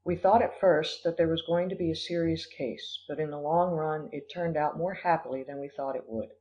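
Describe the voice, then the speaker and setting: A man giving a measured, scripted audiobook narration. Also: a little high, fairly even intonation, darkish tone. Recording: dull lo-fi audio.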